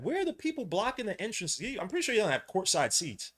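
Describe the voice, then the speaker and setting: A man, hosting a podcast and giving live, slangy commentary while watching a basketball game, getting loud at big plays. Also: high voice, huge pitch swings, quick pace. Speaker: podcast host.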